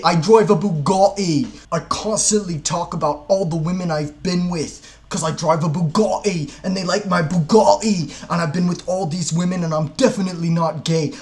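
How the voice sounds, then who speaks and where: A man impersonating a brash bragging tough-guy millionaire. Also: sits high. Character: boastful, loud male internet tough-guy millionaire. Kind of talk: mocking parody impression.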